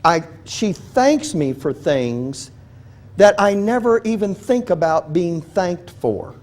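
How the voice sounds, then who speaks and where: Man, fairly high voice, Bible study teacher, conversational, humorous stories, self-correcting, asks questions. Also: animated, slow pace, a little mellow. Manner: chatty, restarts sentences, asks the audience questions; humorous storytelling.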